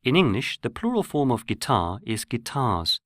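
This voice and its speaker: Male narrator for a language course, measured and explanatory, mid-pitched, dry close recording. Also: sing-song, no room sound. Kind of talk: scripted lesson narration.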